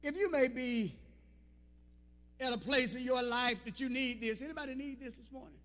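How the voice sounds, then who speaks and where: A young adult man preaching a sermon as pastor, calling out to the congregation, building to shouts and sung, chanted lines. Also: very high voice, normal speed, in a large hall. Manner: call-and-response preaching, rising to shouts and sung phrases. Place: church sanctuary.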